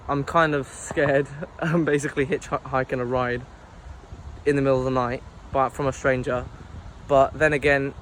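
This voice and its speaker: A man's voice: medium pitch, slight background noise. A young man vlogging on a handheld phone while walking outdoors at night, chatting in a jokey, self-mocking, nervous way. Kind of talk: walking vlog talking to camera. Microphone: handheld phone camera. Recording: background music over outdoor phone audio.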